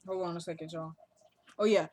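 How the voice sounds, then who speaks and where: A woman's voice: on the low side, fairly even intonation, brisk, darkish tone. A woman walks through a TV episode in an easy, casual recap vlog, talking straight to the people watching. She retells the scenes and the characters' lines in her own chatty way, with plenty of asides to her viewers.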